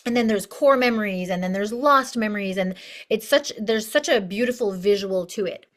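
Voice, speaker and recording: A woman's voice: mid-range voice, moderate pace. A woman life coach teaching an online course lesson in a bubbly, chatty way, full of asides.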